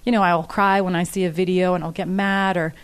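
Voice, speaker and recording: A woman's voice: lowish voice, little pitch movement, a little fast, clean tone. A woman speaking casually and earnestly to an audience, repeating each question aloud before she answers it.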